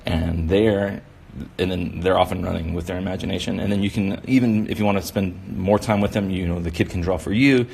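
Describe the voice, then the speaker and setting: A man's voice: low voice, fairly even intonation, fairly quick, gravelly, few pauses, a little mellow, slight background noise. A man running a casual drawing demonstration for kids, rambling and encouraging, with lots of filler words. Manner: rambling, encouraging, full of "you know" fillers. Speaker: kids' drawing instructor.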